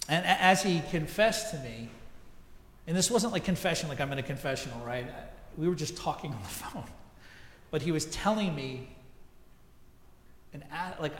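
Male pastor, higher voice, chatty sermon, echoey sanctuary. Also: lively intonation, normal speed, pauses often, a bit bright. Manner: conversational storytelling with asides. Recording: echoey church hall.

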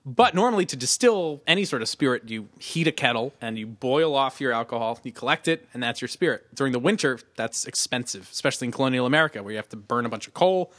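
A man's voice: medium pitch, expressive, fast talker, few pauses, a bit bright, no echo. A man co-hosting a casual movie commentary podcast, sarcastic and laughing often. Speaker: podcast co-host.

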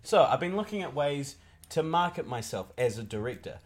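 A man playing a brash, swearing young wannabe film director who pitches himself to a panel. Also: very animated. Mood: pitching. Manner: swears a lot, quick to take offence. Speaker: podcast co-host.

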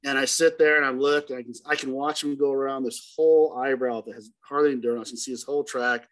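A middle-aged hunting guide recounts a story in a relaxed interview, voicing each person in it as he goes. His voice sits at an ordinary middle pitch for a man, and he moves between quick asides and drawn-out emphasis. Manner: animated, acts out dialogue in the story.

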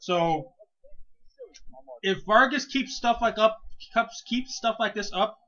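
A man's voice: high-pitched, takes it slowly, lo-fi sound. A man co-hosting a casual podcast, ranting with lots of swearing. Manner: profane, animated ranting. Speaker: co-host.

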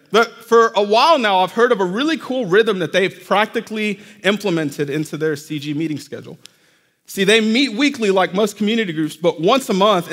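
In a church sanctuary thick with long reverb, a pastor preaches in a high, fairly bright voice. His tone is conversational, and he speaks straight to the people in the pews.

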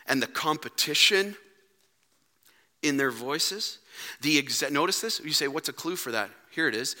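A man preaching a sermon as pastor, dynamic, acting out quoted voices and swinging from loud to hushed. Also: medium pitch. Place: church sanctuary. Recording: long hall reverb.

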